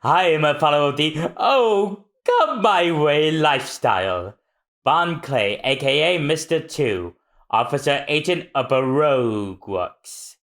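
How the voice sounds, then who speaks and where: Man doing a lowered, gruff villain agent, slow and lively. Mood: gruff, interrogating. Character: brash male villain agent.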